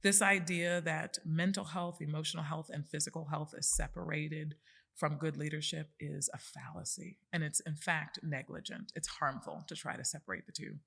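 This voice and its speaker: A woman's voice: low voice, level tone, normal speed, gravelly, a bit bright, husky. A woman in her forties, a podcast guest, telling a personal story in an earnest, emphatic way.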